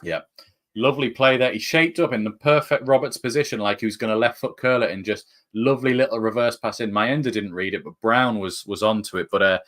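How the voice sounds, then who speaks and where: Chatty northern English fan commentator. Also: male voice, lowish voice, brisk, a bit bright. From northern England. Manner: chatty, jokey, rises sharply with the play. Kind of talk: live fan commentary on a match.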